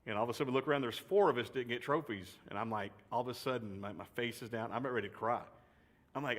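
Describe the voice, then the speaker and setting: A man's voice: medium pitch, racing. A man giving a chatty, joking youth sermon full of personal stories, repeating phrases for effect. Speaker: youth speaker. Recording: long reverb of a large hall.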